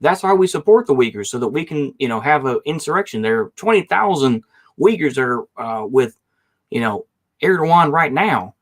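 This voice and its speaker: A man's voice: a little high, sing-song, moderate pace. A man putting on a blunt ex-CIA officer with a Southern drawl. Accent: put-on Southern US. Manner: admittedly poor, exaggerated imitation. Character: male ex-CIA officer, blunt and matter-of-fact.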